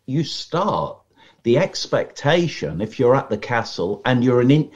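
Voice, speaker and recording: A man guesting on a podcast as a magician, chatting in a lively, storytelling way and acting out how audiences react. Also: medium pitch, unhurried. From Britain. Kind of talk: casual podcast conversation. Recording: slightly muffled lo-fi audio.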